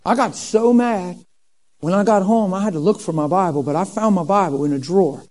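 A man in his fifties telling his life story in a sermon, animated and acting out what people said. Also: sits high, a little fast, slight background noise, rough recording. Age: 50s. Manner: animated storytelling, acts out quoted dialogue. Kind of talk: sermon testimony.

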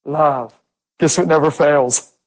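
A middle-aged Pennsylvania preacher with a somewhat high, darkish voice tells stories in a loose, conversational sermon, speaking slowly. He stresses his points emphatically and keeps posing rhetorical questions to the crowd, then answering them himself. The recording is rough.

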